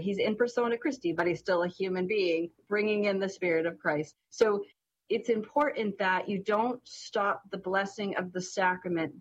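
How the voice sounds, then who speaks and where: A woman's voice: medium pitch, lo-fi sound, slight background noise. A middle-aged woman with a distinctive voice, telling a story in casual chat and laughing along. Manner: animated, laughs through her story. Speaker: co-host.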